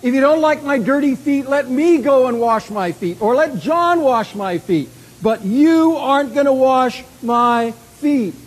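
A man voicing an impetuous male disciple who protests loudly and emphatically, as part of a sermon. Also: very high-pitched, unhurried, hardly any pauses, voice pushed up. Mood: indignant.

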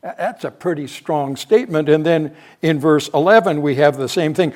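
A man's voice: a little high, normal speed, a little mellow. An older man preaching on a Bible passage, thinking aloud and correcting himself as he goes. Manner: thinking aloud, frequent restarts and self-corrections. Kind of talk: expository Bible teaching.

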